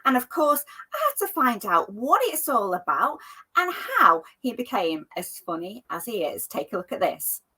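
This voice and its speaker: A woman hosting a casual interview, bubbly and enthusiastic, quick to laugh. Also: fairly high pitch, big pitch swings, sharp tone, breathy edge. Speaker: host.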